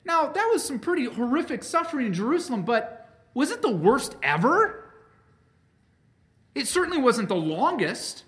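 A male pastor delivers an emphatic sermon in a lively, animated voice that climbs high and falls low. He leans hard on key words, then drops almost to a murmur. He speaks straight to his congregation and calls them friends. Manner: emphatic preaching with wide swings between loud peaks and quiet drops.

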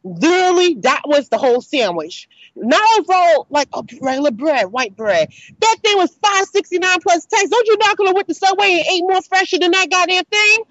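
Young woman podcaster, high voice, rambling rant with plenty of swearing, dull dry lo-fi sound. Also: brisk, dry recording. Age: young adult. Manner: rambling, animated, swears freely. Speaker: podcast host. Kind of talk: casual storytelling monologue.

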